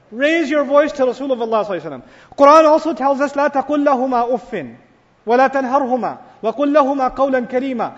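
A man preaching a sermon to a packed mosque audience, animated, asking the crowd questions and acting out quoted lines. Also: very high-pitched. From United States. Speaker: Islamic scholar and preacher. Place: large mosque hall. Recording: dull, lo-fi live recording in a reverberant hall.

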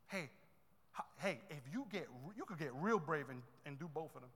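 A male pastor preaching a sermon, swinging between soft asides and loud, repetitive declarations. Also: on the high side, animated, a little fast, a little hiss or hum. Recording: long reverb in a large hall.

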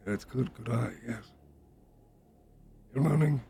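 Gravelly man, dry and wry. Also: medium pitch, takes it slowly, mellow, a little hiss or hum. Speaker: player. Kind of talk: playing a character in a tabletop game.

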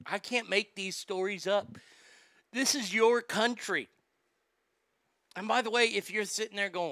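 A man's voice: sits high, a little slow, pauses often, pushed and bright, no echo. A man ranting in a sarcastic, indignant, profane commentary, recorded on a close mic. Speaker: social media commentator.

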